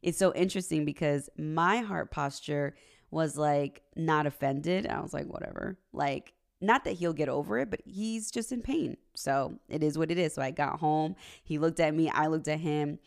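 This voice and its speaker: A woman's voice: low-pitched, moderate pace, gravelly. A woman in her thirties, a relationship coach and host, talking casually and earnestly on a livestream and reading out viewer comments, often adding "right?" and "like". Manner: earnest, faith-based, uses "right?" and "like" often; animated storyteller, laughs easily.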